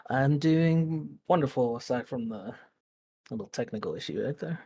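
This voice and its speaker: A man's voice: medium pitch, lively intonation, moderate pace, dark tone, breathy edge. A man who is a guest on a podcast, chatting in an easygoing way. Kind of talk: casual podcast chat.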